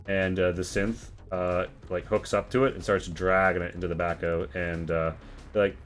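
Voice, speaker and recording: A man narrating a tabletop role-playing game as game master, relaxed with many fillers. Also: deep voice, moderate pace, soft background music.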